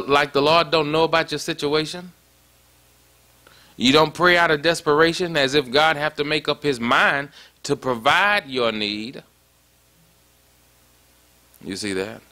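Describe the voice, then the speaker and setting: A man's voice: a little high, a little slow, pauses often, bright, forceful tone. A man preaching a sermon in a conversational way, often stopping to ask "you see that?". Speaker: pastor.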